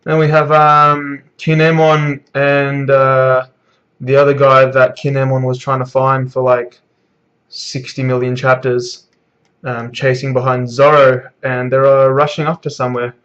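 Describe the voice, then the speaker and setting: A man giving a casual live manga reaction in a middle-pitched voice, rambling and swearing with plenty of fillers. The sound is dull and lo-fi, as if from a cheap mic. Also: level tone, measured pace, a bit bright. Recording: dull lo-fi recording.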